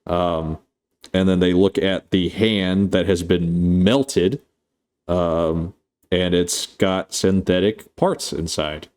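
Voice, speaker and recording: Casual streamer, male, deep and dark-toned, loose and foul-mouthed. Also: takes it slowly. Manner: rambling, profane, playful. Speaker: streamer reviewing a film. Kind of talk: casual live-stream chat.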